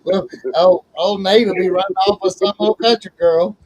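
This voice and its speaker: A man's voice: high-pitched, fairly even intonation, normal speed, crowd noise, rough recording. A man hosting a casual chat as a minister, folksy and chatty, laughing often. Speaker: host, minister.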